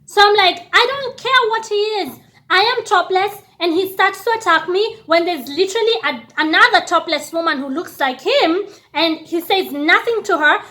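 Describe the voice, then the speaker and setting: High-voiced animated woman storyteller. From lives in Austria. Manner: animated, acts out dialogue. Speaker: vlogger telling a story. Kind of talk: casual storytelling. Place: indoors near a street parade.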